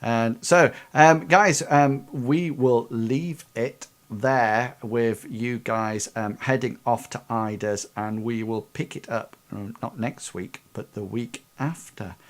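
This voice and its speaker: A man running a tabletop role-playing game, narrating scenes slowly with many pauses and ums. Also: mid-range voice. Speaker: game master.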